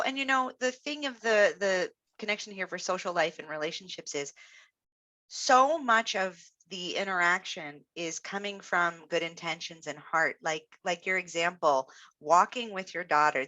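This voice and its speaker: Woman speech therapist encouraging folks on a webinar, kinda low voice, bright edge. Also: no room sound. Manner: encouraging, reflective, many fillers. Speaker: speech-language pathologist and health coach. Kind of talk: webinar presentation.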